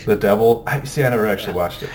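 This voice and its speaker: A man talks in a loose, rambling way, full of fillers and restarts, as he chats about films. His voice sits low. Clear background hiss runs under the whole recording. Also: racing, darkish tone. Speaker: podcast co-host. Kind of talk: casual chat about films.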